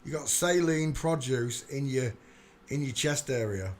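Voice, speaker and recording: A man's voice: mid-range voice, measured pace, a little hiss or hum. A man hosting a livestream, muttering to himself as he clicks through searches in casual commentary. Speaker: livestream host. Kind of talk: casual live-stream commentary.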